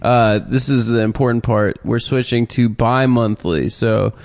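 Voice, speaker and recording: Gravelly man on a comedy podcast. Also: mid-range voice, a little mellow, slight background noise. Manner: quick, laughs often, rambling setups. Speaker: podcast co-host. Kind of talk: casual comedic chat.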